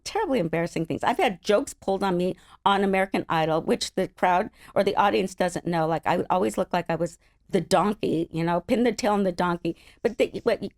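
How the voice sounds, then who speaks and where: A middle-aged woman from the Los Angeles area, an interview guest telling stories in an animated, laughing way. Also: medium pitch, vocal fry, no echo, studio quality. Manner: animated, laughing, acts out other people's voices. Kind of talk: casual storytelling chat.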